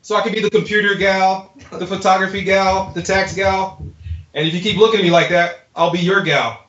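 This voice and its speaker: In a home garage, a man does a playful, self-mocking stand-up set, chatting loosely with a few people nearby. His voice is high-pitched, steady and fairly bright, and he talks briskly. The lo-fi live stream audio echoes off the garage walls.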